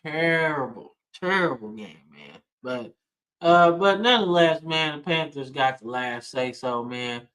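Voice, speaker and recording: A man's voice: on the high side, a little slow, fairly bright tone. A man co-hosting a casual football podcast, talking in laid-back slangy banter. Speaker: podcast co-host. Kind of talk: casual sports chat.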